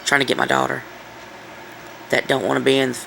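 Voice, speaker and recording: A woman's voice: extremely low pitch, flat delivery, a little fast, vocal fry, fairly bright tone, slight background noise, low-quality recording. A woman filming at home, chatting and coaxing her pets in a singsong voice. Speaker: pet owner filming at home. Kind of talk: casual home video, talking to pets. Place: home, indoors.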